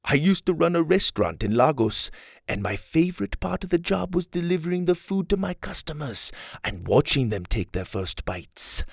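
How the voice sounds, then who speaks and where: A teasing, menacing grown man who toys with children, gravelly and rough at the edges, his voice rising and swooping as he gloats, put on by a storyteller. The sound is dry and close. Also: a little high, very animated, moderate pace, dry recording, voice pushed up, heavily acted. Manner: teasing, then threatening. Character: playful menacing Nigerian man, villain.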